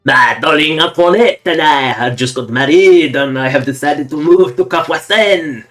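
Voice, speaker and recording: A man's voice: a little high, moderate pace, a bit bright, faint music behind, natural voice. A man reading a male farmer's journal aloud in a fake French accent, hammy and mock-serious. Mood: grumbling. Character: grumbling married male farmer, newlywed.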